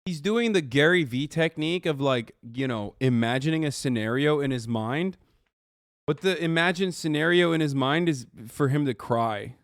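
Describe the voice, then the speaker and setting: Male streamer host, slightly high voice, dry close sound, swears a lot and sounds disbelieving. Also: expressive, moderate pace, no echo. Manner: profane, incredulous, mocking. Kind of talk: reaction commentary.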